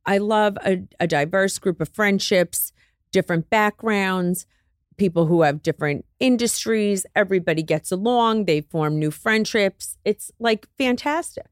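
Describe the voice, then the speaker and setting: A woman's voice: mid-range voice, a little slow, no room sound, studio quality. A woman co-hosting a podcast, talking in a breezy, playfully teasing way. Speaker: podcast co-host. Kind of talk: casual chat.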